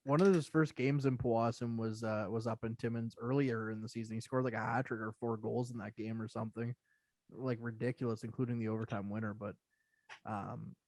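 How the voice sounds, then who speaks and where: A man's voice: medium pitch, fairly even intonation, a little fast, darkish tone, dry recording. Dry-sounding easygoing male co-host. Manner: joking, easygoing. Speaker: podcast co-host. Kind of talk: casual chat.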